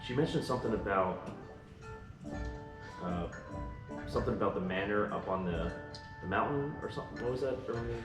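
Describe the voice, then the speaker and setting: Male player, very low, halting delivery, distant and roomy. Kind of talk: tabletop role-play. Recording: roomy, distant mic, music behind.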